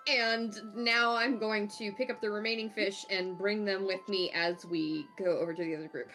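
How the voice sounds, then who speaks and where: A woman's voice: mid-range voice, steady tone, normal speed, a bit bright, faint music behind, low-quality recording. Give me a giggly woman describing her character's actions at the table. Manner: giggly, playful. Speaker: player. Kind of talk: casual tabletop play.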